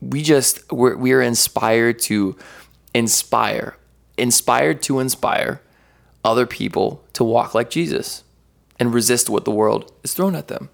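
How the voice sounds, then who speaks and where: A gravelly man talking as a guest in a casual podcast conversation. His delivery is energetic and rambling, and he leans on slang as he goes. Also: mid-range voice, measured pace. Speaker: podcast guest, content creator and worship artist.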